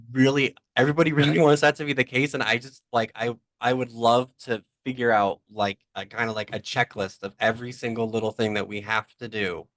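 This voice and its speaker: A man speaking up in an online teach-in, halting and repeating words as he talks earnestly. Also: lowish voice, a bit bright, no room sound. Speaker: student participant. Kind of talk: online meeting comment.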